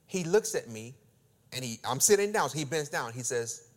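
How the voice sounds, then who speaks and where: Animated storytelling preacher man. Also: mid-range voice, normal speed. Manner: animated, acts out dialogue, swings loud and quiet. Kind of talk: storytelling sermon.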